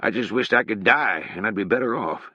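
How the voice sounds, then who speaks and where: A man's voice: fairly low pitch, a little fast, sharp tone, slightly rough, dry recording. A man voicing a gloomy, fatalistic old ragpicker who talks in a drawling, mournful rural manner, for an audiobook. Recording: dull, dry sound.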